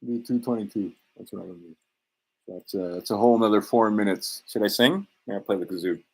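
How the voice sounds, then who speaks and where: A man's voice: lowish voice, a little fast, husky. A man in a rambling, self-assured monologue, swearing often and drifting between points. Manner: profane, digressive, self-assured.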